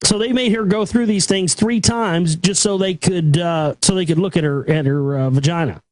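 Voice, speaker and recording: A male talk show host delivering an angry, profane rant that keeps building toward shouting. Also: high-pitched, moderate pace, no echo. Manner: aggressive, profane, escalating to shouting.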